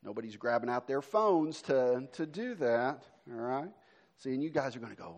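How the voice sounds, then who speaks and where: A male pastor, middle-aged, preaching a sermon, moving between emphatic lines and soft, hushed passages. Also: medium pitch, very animated, moderate pace.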